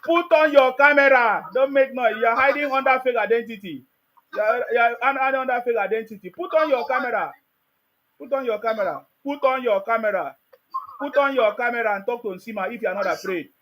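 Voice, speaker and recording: A man's voice: very high voice, fairly quick, fairly bright tone. A man with a Nigerian accent hosting a heated live call-in debate, combative and repeating his demands insistently. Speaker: host of a live call-in stream.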